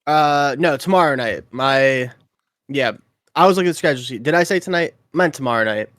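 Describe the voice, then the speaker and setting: A man's voice: mid-range voice, a little fast, fairly bright tone, dry recording, studio quality. A man on a casual esports panel who also plays, speaking in a hesitant way with many fillers. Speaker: panelist and player.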